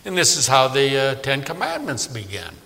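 A man delivers a sermon with a bright, ringing voice that climbs and dips expressively. He keeps it conversational, tossing questions to his listeners, and his words trail off into a long hall reverb. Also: medium pitch, moderate pace, gravelly. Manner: animated, conversational, asks the audience questions. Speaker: preacher. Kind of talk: sermon Bible study.

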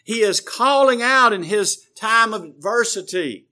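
Bright-voiced, slow-speaking male preacher. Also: high voice, expressive. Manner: measured, explanatory preaching with frequent uh fillers. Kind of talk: sermon.

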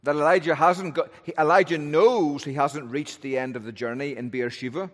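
A man's voice: on the high side, steady tone, moderate pace. A male pastor preaching an expository sermon in a thoughtful, conversational way, often posing rhetorical questions. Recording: long reverb of a large hall.

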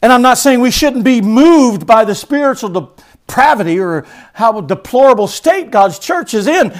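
Delivering a sermon as pastor, this man has a very high, animated voice at normal speed. He alternates booming, emphatic statements with quiet, stressed words, falling into a repetitive preaching rhythm.

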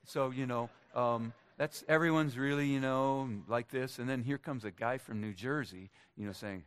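A middle-aged man from Minnesota giving a personal testimony to a church congregation, in a conversational, halting way with light jokes. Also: medium pitch, fairly bright tone, smooth. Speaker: church speaker.

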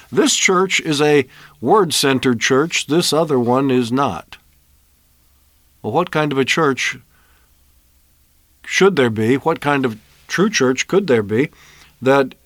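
A man's voice: mid-range voice, a bit bright, dry recording. A man giving an earnest, emphatic Bible sermon on the radio, often asking rhetorical questions. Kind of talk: broadcast sermon.

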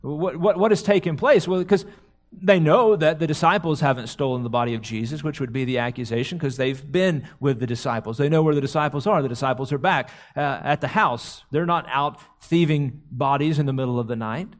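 A man's voice: mid-range voice, brisk. A man preaching a sermon, retelling a scripture story dramatically, often repeating words as he goes. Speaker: pastor.

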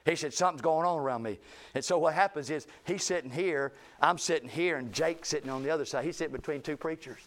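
A fast-talking male pastor with a rather high voice tells a story during his sermon. He's animated, acting out the people he quotes with mounting intensity.

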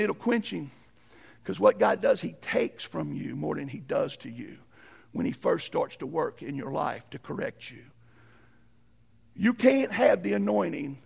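A man preaching a sermon in a folksy way, swinging from shouted peaks to hushed lows. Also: creaky, breathy edge. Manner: folksy, uses ain't and y'all. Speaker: pastor.

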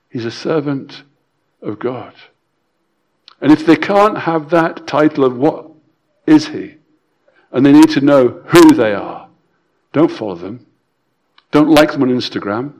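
A man preaching a sermon, emphatic and repetitive, swinging between loud stresses and quiet drops, with some stammered restarts. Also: on the high side.

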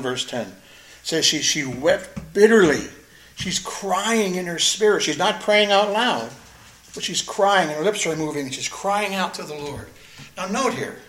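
A man's voice: a little high, a bit bright, echoey room, a little hiss or hum, poor audio. A man preaching a sermon, reading scripture aloud and explaining it, earnest and emphatic, repeating phrases for stress. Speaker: pastor.

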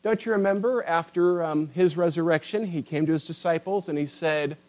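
Man, preacher, fervent sermon, swings between loud emphasis and quiet asides, fairly high pitch. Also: a little fast, rough recording. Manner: impassioned, rising and falling emphasis, addresses listeners as beloved.

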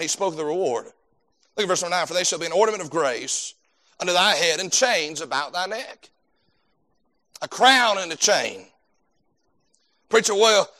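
A male preacher delivering a sermon, speaking in a fairly high register. His voice is bright and forceful. He preaches with fervent emphasis and repeats words as he builds toward his points.

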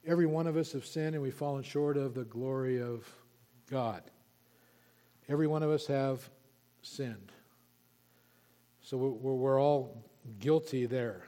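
A pastor preaching an expository sermon, emphatic and repeating key words for stress. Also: male voice, medium pitch, a little slow, long pauses, mellow. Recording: long reverb of a large hall.

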